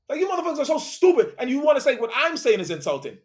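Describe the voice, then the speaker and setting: A man's voice: extremely high pitch, big pitch swings, very fast, hardly any pauses. A man delivering a profane, confrontational motivational monologue, preaching and repeating phrases for emphasis. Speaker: host.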